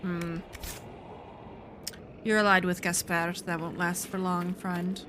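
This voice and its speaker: A woman's voice: lowish voice, level tone, takes it slowly, noisy background. A woman streaming a game, chatting casually with joking asides. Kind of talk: casual gameplay commentary.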